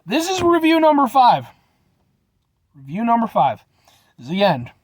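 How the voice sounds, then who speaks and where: A man hosting a casual food review vlog from inside his truck, playful and animated, talking straight to his viewers. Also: extremely high pitch, moderate pace, dry recording. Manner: animated, playful, keeps addressing viewers as folks.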